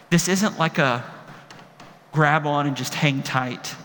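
A man preaching a sermon as pastor, impassioned, moving between quiet reflection and emphatic calls. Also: fairly high pitch, takes it slowly. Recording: long hall reverb, faint room noise.

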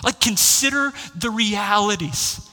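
A pastor preaches with a high, bright and forceful voice that climbs into impassioned exclamations. His words ring out with a long reverb, as in a church sanctuary. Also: animated, measured pace. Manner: impassioned, builds to raised exclamations. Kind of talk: sermon.

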